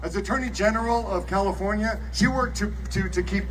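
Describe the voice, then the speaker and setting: A man giving an earnest political rally speech outdoors, rising to shouts on key lines. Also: sits high, fairly quick. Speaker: rally speaker. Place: outdoor rally beside a bus. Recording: distant outdoor rally mic with noise.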